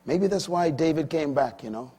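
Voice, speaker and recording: A middle-aged male preacher with a husky, slightly high voice delivers a sermon in a dramatic style. He drops to quiet, confiding asides, then climbs to loud, emphatic peaks and shouts out his key points. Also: expressive, moderate pace.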